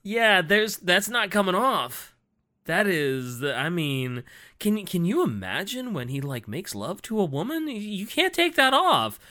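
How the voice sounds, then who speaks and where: A man co-hosting a casual podcast, reacting excitably with exclamations and laughs. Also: high-pitched, measured pace. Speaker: podcast co-host.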